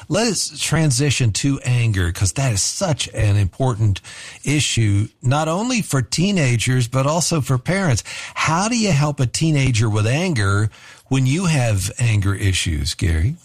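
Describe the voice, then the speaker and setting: A man hosting a radio interview, introducing his guests and asking measured, gently probing questions. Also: medium pitch, expressive, no echo, studio quality. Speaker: radio show host.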